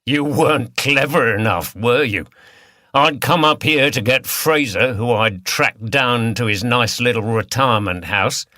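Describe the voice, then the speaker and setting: Guy putting on a harsh cockney crook, snarly and aggressive, bright edgy tone. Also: medium pitch, measured pace, no room sound, clean studio sound. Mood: boastful. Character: harsh aggressive male criminal.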